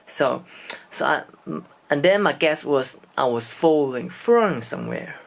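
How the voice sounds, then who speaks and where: Vlogger, male, slightly higher voice, unhurried and hesitant delivery, casual storytelling. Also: lively intonation, gravelly. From China. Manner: hesitant, searching for words in non-native English. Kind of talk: casual first-person storytelling.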